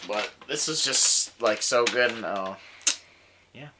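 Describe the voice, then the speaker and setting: A man's voice: mid-range voice, slow pace, very noisy. A young man co-hosting a casual film review podcast, rambling enthusiastically with lots of "like" and "dude". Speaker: podcast co-host.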